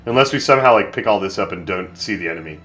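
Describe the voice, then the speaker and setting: Low-voiced man rambling through gameplay. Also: expressive, rapid-fire, fairly bright tone, soft background music. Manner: rambling, thinks aloud with many fillers. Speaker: video game streamer. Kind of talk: casual live gameplay commentary.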